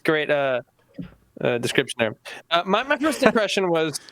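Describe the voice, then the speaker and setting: A man's voice: a little high, very animated, normal speed, fairly bright tone, no room sound. A young man co-hosting a movie stream, blunt and terse, often answering with short agreements. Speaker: podcast co-host. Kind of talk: casual movie chat.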